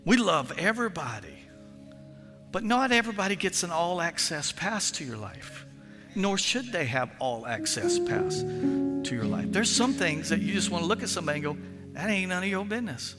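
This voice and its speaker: A male pastor preaching a sermon in an animated storytelling manner, acting out phone calls with friends. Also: fairly high pitch, normal speed, big-room sound, loud music behind the voice.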